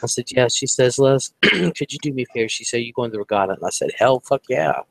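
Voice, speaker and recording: Talking fast with vocal fry in a medium-pitched voice, an Ohio man rambles through a personal story. It's casual chat full of profanity, and he animatedly imitates the people he's quoting.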